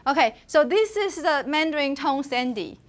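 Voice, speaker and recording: A woman teaches a university phonetics class, with a high-pitched voice. She moves back and forth between English and Mandarin. She demonstrates tones and vowels by voicing them out loud. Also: expressive, normal speed. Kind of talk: classroom lecture.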